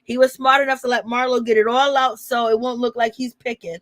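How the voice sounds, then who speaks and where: A woman hosting a casual reality TV recap, gossiping with slang and quick asides to her viewers. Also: a little high, steady tone, a bit bright, dry recording. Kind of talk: casual commentary on a reality show.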